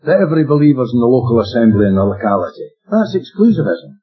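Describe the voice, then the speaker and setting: A man's voice: medium pitch, big pitch swings, fast, slightly rough. A man preaching an expository Bible teaching, emphatic and plain-spoken, asking his listeners rhetorical questions. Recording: dull lo-fi recording with faint music.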